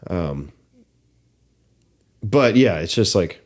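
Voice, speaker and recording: Rich: A man with a fairly low voice co-hosts a casual film podcast. He talks in a halting, hesitant way, circling his point with fillers and restarts. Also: animated, a little mellow. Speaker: podcast co-host.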